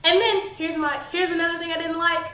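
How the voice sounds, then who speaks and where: A woman's voice: very high-pitched, steady tone, brisk, bright, forceful tone. A woman reviewing a book on her channel, exasperated and sarcastic in her critique. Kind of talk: casual book review vlog. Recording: echoey room.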